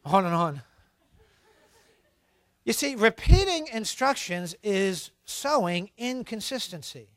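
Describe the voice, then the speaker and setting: A middle-aged man giving a humorous sermon on parenting, animated and acting out scolding parents for laughs. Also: sits high, slow pace, pauses often, dry recording.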